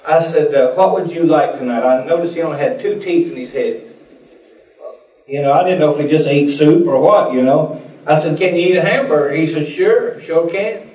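A man's voice: on the high side, moderate pace, a little mellow. A man preaching a sermon and telling folksy stories, acting out the voices of the people in them. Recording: echoey room, voice picked up from a distance.

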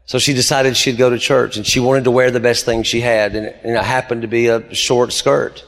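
A pastor delivers a sermon in a mid-pitched voice. He tells stories and builds his emphasis as he goes. His voice carries a long reverb, as if filling a church sanctuary. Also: level tone, fairly quick, a bit bright. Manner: preaching with rising emphasis, storytelling.

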